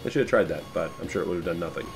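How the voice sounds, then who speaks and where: Over music, a YouTube host with a voice that sits low talks very fast while playing a classic arcade game. His running commentary wanders, includes casual profanity, and leans on self-mocking humor.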